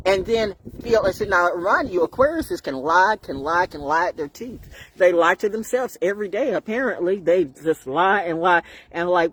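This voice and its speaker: A woman's voice: lowish voice, very animated, moderate pace, breathy edge, no echo. A woman talking on a live stream in a rambling, preachy monologue, riffing with laughs and bursts of song.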